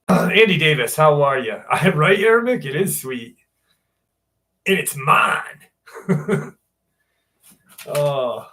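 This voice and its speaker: A man's voice: a little high, expressive, extremely slow, pauses often, pushed and bright. A man hosting a live stream, chatting casually and greeting viewers one by one in a laid-back way.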